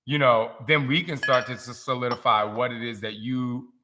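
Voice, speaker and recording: A man in his forties hosting a casual live-stream chat, telling stories in an animated, emotional way. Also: medium pitch, moderate pace, background noise.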